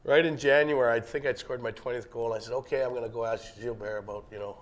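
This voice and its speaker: A man with a mid-range voice tells an old story with growing excitement. He swings his pitch widely as he acts out the lines of the people in it, in a conversational group setting. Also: quick pace. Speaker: former teammate telling a story.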